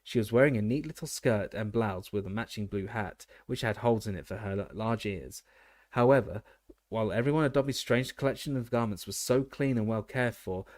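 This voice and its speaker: Steady male audiobook narrator, dry sound. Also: lowish voice, brisk, no room sound. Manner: steady reading with occasional slips and restarts. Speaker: audiobook reader.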